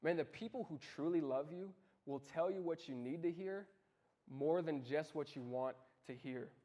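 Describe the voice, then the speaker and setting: Young man, high voice, casual youth sermon, lively storytelling, talks straight to listeners. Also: normal speed, lo-fi sound. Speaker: youth ministry speaker.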